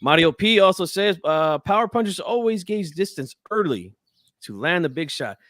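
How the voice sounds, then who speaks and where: A man hosting a live boxing call-in show, chatting in a relaxed, friendly way. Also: sits high, moderate pace, dry recording, studio quality. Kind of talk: casual live-stream chat.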